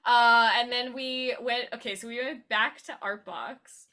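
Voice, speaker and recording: Bright-voiced woman chatting. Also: a little high, steady tone, measured pace. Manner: chatty, many fillers, laughs often. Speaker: podcast co-host. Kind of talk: casual chat.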